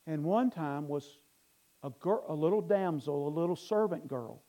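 A man's voice: a little high, expressive, moderate pace, warm tone, poor audio. A male pastor preaching a sermon earnestly, building to emphatic bursts and restarting words as he goes.

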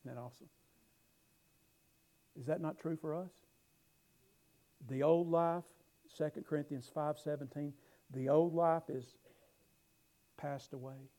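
A middle-aged man preaching a sermon, telling stories with emphatic rises and quiet asides. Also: a little high, fairly even intonation, unhurried, pauses often, low-quality recording. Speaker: pastor.

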